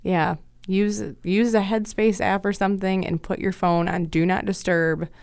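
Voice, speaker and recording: A woman's voice: medium pitch, level tone, normal speed, creaky, a little mellow, smooth, no echo, studio quality. A woman who works as a child and adolescent counselor, chatting casually in a podcast interview and explaining things with everyday examples.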